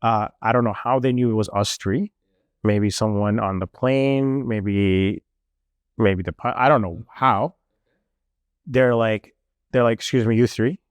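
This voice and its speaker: Animated young man telling a story. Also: lowish voice, a little slow, clear, resonant tone, no echo. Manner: animated, lots of fillers, mimics officials. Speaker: guest telling a travel story. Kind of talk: casual storytelling.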